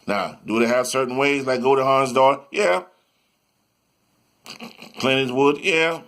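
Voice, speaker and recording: A man's voice: mid-range voice, fairly even intonation, fairly quick, fairly bright tone. A man giving a rambling motivational monologue, repeating himself and sometimes breaking into sing-song chanting.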